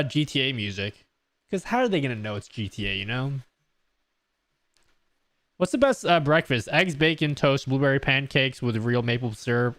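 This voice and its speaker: A man's voice: medium pitch, fairly bright tone, no echo. A man live-streaming a casual question-and-answer session, joking, laughing and reading his chat aloud from a close desk mic. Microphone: close desk mic on an audio mixer.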